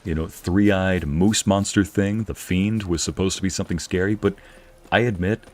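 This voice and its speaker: A man's voice: sits low, steady tone, normal speed. A young man casually commenting on a game he is playing, joking and laughing often. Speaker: streamer narrating a game playthrough.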